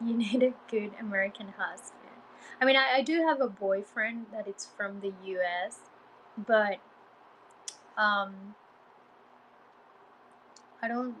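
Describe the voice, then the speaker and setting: A young woman chatting casually in a vlog, talking in halting phrases with pauses. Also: medium pitch, a bit bright, a little hiss or hum, rough recording. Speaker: vlogger and Spanish teacher. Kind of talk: casual chat.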